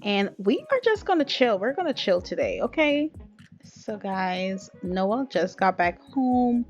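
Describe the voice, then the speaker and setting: A woman's voice: mid-range voice, animated, a little slow, lo-fi sound, faint music behind. A young woman narrating a life-sim game in casual let's-play style, chatty and playful, laughing and talking straight to her viewers. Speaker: gaming video creator.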